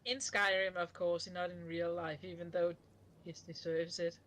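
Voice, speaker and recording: A woman's voice: lowish voice, flat delivery, moderate pace, fairly bright tone. A woman streamer in casual chat, joking and offhand.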